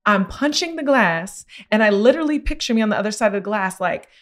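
A young woman hosting a podcast, candidly retelling a personal experience in animated, expressive conversation with lots of "like". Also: medium pitch, fast talker. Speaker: podcast host.

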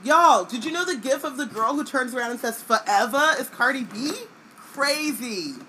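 Lively, playful woman podcasting from home. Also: high voice, normal speed, a little hiss or hum. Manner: playful, teasing. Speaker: podcast co-host. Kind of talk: casual chat.

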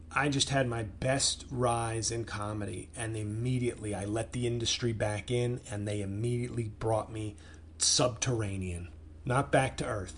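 A man's voice: medium pitch, a little hiss or hum. Furious profane man ranting. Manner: angry, profane ranting with stumbles. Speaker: podcast host, comedian. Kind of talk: solo podcast rant.

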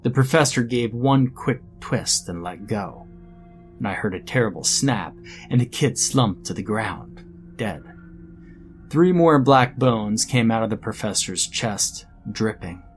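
A man's voice: fairly low pitch, expressive, a little slow, faint music behind. A man narrating a scripted first-person horror story in a dramatic storytelling manner.

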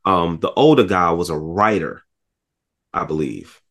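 Lowish guy riffing on a movie, acting out the scenes, cussing a lot. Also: unhurried. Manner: animated storytelling, acts out scenes, swears a lot. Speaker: podcast co-host. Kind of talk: casual movie discussion.

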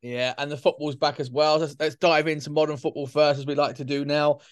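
A man hosts a relaxed football chat show. He talks in loose, jokey banter with his co-host. The sound is dry, with no room around the voice. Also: a little high, a little fast, no echo. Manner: chatty, joking banter. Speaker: podcast host.

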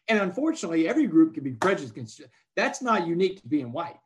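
Emphatic man in his forties, higher voice. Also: sing-song, rapid-fire. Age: 40s. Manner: emphatic, peppers speech with "man". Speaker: podcast guest, motivational speaker. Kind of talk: casual conversational storytelling.

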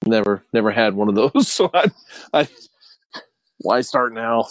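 A man's voice: mid-range voice, lively intonation, measured pace, no echo. A man running a tabletop game as game master, joking and laughing often.

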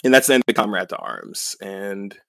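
A man's voice: lowish voice, normal speed, gravelly, a bit bright, dry recording. A young man co-hosting a podcast, casually recapping a story in a rambling way with many fillers and chuckles. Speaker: podcast co-host.

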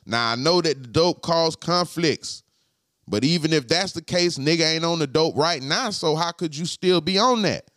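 A man's voice: fairly high pitch, fairly bright tone, no room sound, clean studio sound. Profane, slangy man chatting to his live chat. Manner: talks straight to chat, slangy and profane, repeats points slowly. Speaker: podcast host. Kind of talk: casual live-stream chat.

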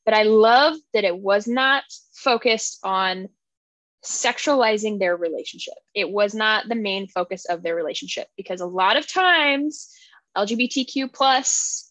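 A young woman co-hosting a book podcast, chatting casually, excitable, often laughing and acting out quotes. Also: mid-range voice, a little slow, dry recording. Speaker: podcast co-host. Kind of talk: casual chat.

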